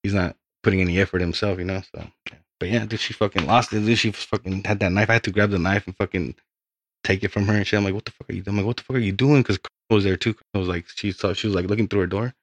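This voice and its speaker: A man's voice: deep voice, fairly even intonation, fast, dry recording. A young man, a podcast guest, telling his story in a rambling, casual way with lots of swearing.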